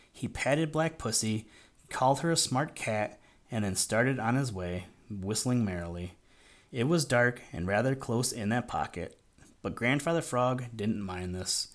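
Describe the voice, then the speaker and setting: A man narrating a children's audiobook in a measured, gently expressive storytelling manner. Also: medium pitch.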